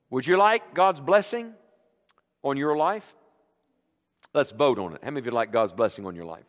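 A middle-aged man preaching a sermon to a congregation, leading call-and-response with an animated delivery. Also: mid-range voice, normal speed, pauses often. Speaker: guest preacher. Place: church sanctuary. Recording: long reverb of a church hall.

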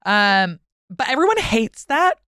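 A woman historian talking as a podcast guest in a casual, chatty way, swearing freely and acting out historical figures in quick asides. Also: a little high, big pitch swings, pushed and bright, dry recording, clean studio sound.

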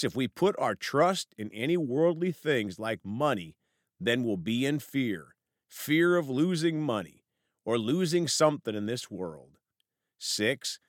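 Earnest preacher man, lively voice. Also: mid-range voice, takes it slowly, no room sound, clean studio sound. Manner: earnest, prayerful, reads verses aloud. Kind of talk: sermon with scripture reading.

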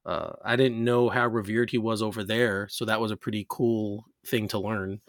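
Hosting a podcast from New York, this man from the United States talks loosely, stumbling through restarts and plenty of filler words. He speaks at a normal pace in a lowish, flat voice, and there is no echo.

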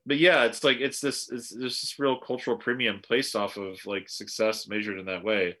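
A man from the United States co-hosting a podcast, talking in an animated, opinionated way with frequent restarts. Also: lowish voice, normal speed. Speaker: podcast co-host. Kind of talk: casual conversational commentary.

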